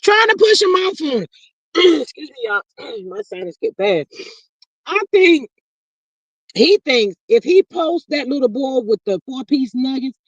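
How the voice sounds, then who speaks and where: A livestream host in a casual gossip chat, reading out viewers' comments and reacting in a sassy, animated way, often saying "child". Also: sits high, measured pace, dry recording, muffled recording.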